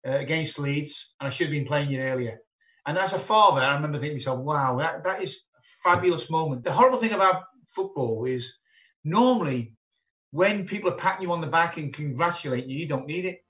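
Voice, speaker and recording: An older man, a father, tells an animated story in a reflective interview. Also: on the high side, reverberant, distant mic. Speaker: interviewee, former footballer and father.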